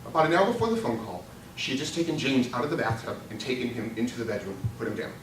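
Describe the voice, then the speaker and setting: An older man giving a humorous storytelling speech at a contest, animated and laughing through his own punchlines. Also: medium pitch, fast, distant mic, background noise. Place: meeting hall. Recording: echoey hall recorded from afar.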